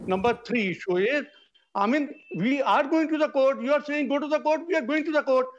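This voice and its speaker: Indian doctor on a tv panel, high voice, keeps repeating himself to get a word in, dull lo-fi sound. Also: male voice, a little fast. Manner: insistent, talks over others, repeats himself. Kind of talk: heated TV debate.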